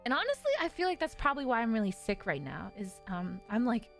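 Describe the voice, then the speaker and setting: A woman's voice: a little high, big pitch swings, quick pace, gravelly, fairly bright tone, soft background music. A woman in her twenties, a streamer, talking in casual live-stream chat in an earnest, confiding way with many fillers.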